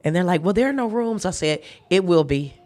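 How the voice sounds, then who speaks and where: A guest chef tells a personal story in a casual interview, laughing often and acting out the voices of the people she quotes, in an emphatic, faith-filled retelling. Her voice is on the low side and darkish, with lively intonation and a fairly quick pace.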